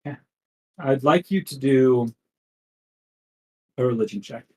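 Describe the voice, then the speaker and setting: A male game master narrates a tabletop game slowly and deliberately, building the scene step by step. His middle-pitched voice has a dark tone, and the audio is poor.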